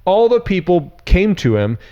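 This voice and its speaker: Male pastor, higher voice, animated delivery; casual, sarcastic sermon with joking asides. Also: normal speed, dull audio. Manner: frank and irreverent. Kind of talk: casual conversational sermon with scripture reading.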